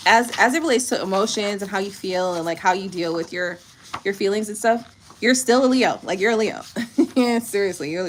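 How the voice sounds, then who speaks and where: A woman tarot reader with a mid-range voice reads aloud from a book in casual conversation, breaking off for chatty, animated asides and laughing often.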